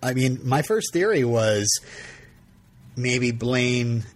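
A man's voice: mid-range voice, lively intonation, slow. A man hosting a podcast, retelling a TV episode in casual chat, rambling with frequent laughs and restarts. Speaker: podcast host.

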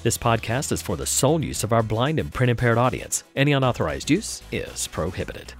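A man reading a first-person essay aloud as a podcast reader, in a measured, expressive delivery. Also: mid-range voice, soft background music.

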